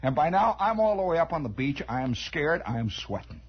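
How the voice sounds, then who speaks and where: A Midwestern American man telling a story on the radio in a dramatic monologue, hushing for suspense, on a dull lo-fi 1960s broadcast. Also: a little high, a little fast, husky. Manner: animated, dramatic, drops to hushed tones for suspense.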